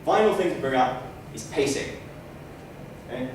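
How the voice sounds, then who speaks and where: A man's voice: medium pitch, lively intonation. A man giving a public speaking training speech on a stage, with wry asides. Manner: demonstrates loud, soft, slow and fast delivery. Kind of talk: training speech to a live audience. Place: stage in a hall. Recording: echoey room, mic far off, faint noise.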